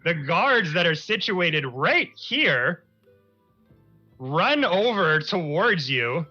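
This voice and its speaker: Male GM, bright tense voice, rambling scene narration, muffled mix with faint music. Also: on the high side, slow. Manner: animated, rambling descriptions. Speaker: game master. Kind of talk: narrating a tabletop game. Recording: muffled stream audio with music.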